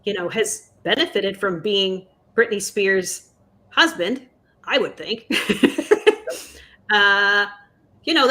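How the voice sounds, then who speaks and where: Woman, podcast co-host, casual news chat, bright tone, rambling, hedging with fillers. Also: medium pitch. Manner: chatty, hedging with fillers and "allegedly".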